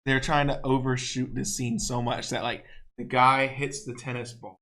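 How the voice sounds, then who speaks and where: A man's voice: medium pitch, level tone, moderate pace, bright, forceful tone. A man co-hosting a casual podcast chat, easygoing and drawling, with lots of filler words. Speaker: podcast co-host.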